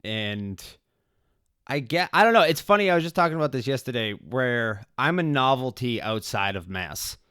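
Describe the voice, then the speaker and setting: A man with a strong Boston accent, a guest comedian chatting casually on a podcast, animated and quick to laugh. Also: medium pitch, smooth, no room sound, clean studio sound. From Massachusetts, USA. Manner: animated, laughs often, rambling.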